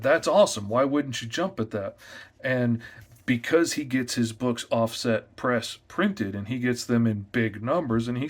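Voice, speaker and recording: A comic artist, a man, giving sales tips in a loud, energetic, chatty way. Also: mid-range voice. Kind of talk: casual tips talk to camera.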